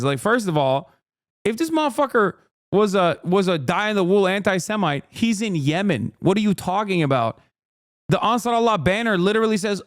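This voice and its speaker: A man's voice: sits high, lively intonation, fairly quick, dry recording, studio quality. A man streaming, ranting with heated, profane sarcasm while reacting to a clip.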